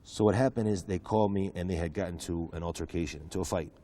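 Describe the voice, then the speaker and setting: Low dark-voiced guy telling his story, rambly and chatty, lots of you knows. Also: fast talker. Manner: relaxed and chatty, with many "you know" asides and restarts. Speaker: guest preacher telling his conversion story. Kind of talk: casual interview storytelling.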